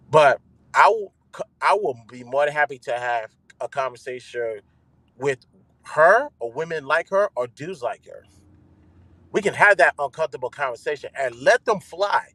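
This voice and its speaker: A man hosting his own show, ranting loudly with swearing and repeating himself for emphasis. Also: fairly high pitch, lively intonation, unhurried, long pauses, no echo. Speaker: host. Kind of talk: ranting live commentary.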